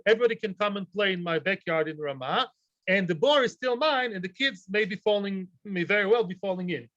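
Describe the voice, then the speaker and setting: A man with a high voice teaches a Talmud class, joking and throwing rhetorical questions at his students. The recording is dull and lo-fi, with a dry, close sound and no room around it. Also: a bit bright, no echo.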